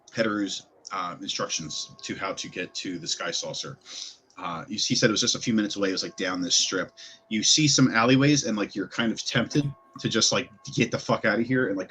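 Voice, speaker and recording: Low-voiced male game master. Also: a bit bright, slight background noise. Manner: casual, filler-heavy narration. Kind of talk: narrating a tabletop game.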